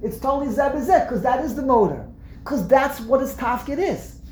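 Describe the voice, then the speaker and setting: A woman's voice: high voice, moderate pace. A woman teaching a religious text class, explaining with energy, often repeating words as she answers students in a classroom. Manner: animated explaining, frequent word repeats, answers student interjections. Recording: roomy echo, faint background noise.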